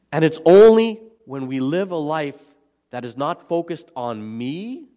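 A pastor preaching a sermon in an earnest, emphatic manner, slowing down and repeating key phrases. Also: male voice, mid-range voice, darkish tone.

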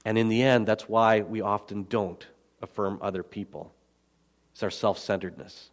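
A pastor preaching a sermon in an earnest, emphatic manner, slowing down and repeating key phrases. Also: male voice, lowish voice, fairly even intonation.

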